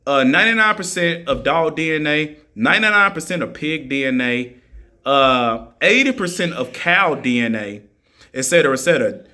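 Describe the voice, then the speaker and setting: A man's voice: on the high side, pushed and bright. A man in a heated monologue, answering critics in an argumentative, mocking way and repeating his points for emphasis. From United States.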